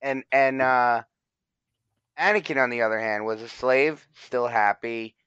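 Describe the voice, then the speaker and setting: A man's voice: medium pitch, measured pace, a bit bright, smooth, no room sound. A man chatting casually as a podcast co-host, blunt, emphatic and profane. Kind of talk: casual chat. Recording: dry, slightly dull lo-fi sound.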